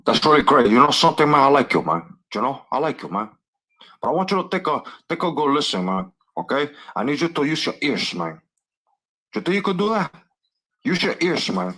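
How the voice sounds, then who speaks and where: A man's voice: mid-range voice, bright, forceful tone, voice pushed up. A man doing a comedic impression of a cocky movie gangster, swaggering and tacking 'man' onto every phrase. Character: film gangster, cocky tough man with a cigar.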